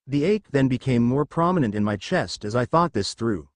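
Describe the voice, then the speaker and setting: A man narrating a first-person story in an expressive reading voice. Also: mid-range voice, normal speed, few pauses, no echo, studio quality.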